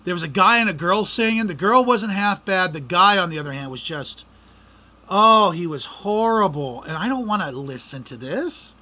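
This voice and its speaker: A man's voice: high-pitched, expressive, normal speed, bright, forceful tone. A middle-aged man hosting a podcast, complaining in an exasperated, ranting way. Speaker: podcast host. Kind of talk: casual podcast monologue.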